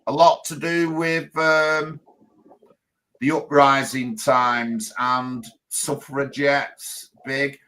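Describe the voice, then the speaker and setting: A man's voice: mid-range voice, little pitch movement, very slow, sharp tone, rough recording. Guy, 50s, hosting a chatty panel, keeps interrupting and repeating himself. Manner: enthusiastic, repetitive, interrupts. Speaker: party leader and host. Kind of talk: casual panel chat.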